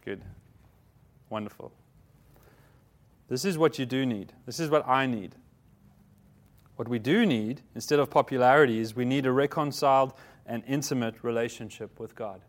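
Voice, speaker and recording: A man's voice: mid-range voice, moderate pace, long pauses. A man giving a conversational sermon, often asking his listeners questions and stopping to correct himself. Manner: conversational preaching, asks the congregation questions; self-correcting, repeats words. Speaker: pastor.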